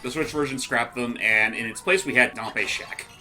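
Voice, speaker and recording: A man's voice: medium pitch, moderate pace, bright, forceful tone, faint music behind. A man hosting a let's play, explaining the game in a chatty, self-correcting way. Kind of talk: casual game commentary.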